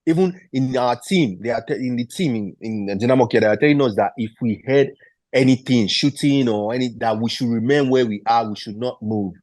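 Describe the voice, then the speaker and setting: A man with a Nigerian accent, a footballer being interviewed, retelling a story with lively quoted voices and frequent restarts. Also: mid-range voice, a little fast, no room sound. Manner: animated retelling, acting out the people he quotes; frequent restarts and repeated words. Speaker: guest footballer.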